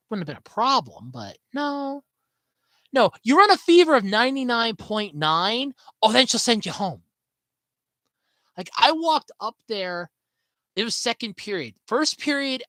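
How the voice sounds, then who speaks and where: A woman hosts a casual solo podcast and talks in a chatty, sarcastic way. Her pitch swings widely as she stresses her points. The sound is dry and close, with no room echo. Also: a bit bright. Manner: chatty and sarcastic, with swooping emphasis. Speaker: podcast host.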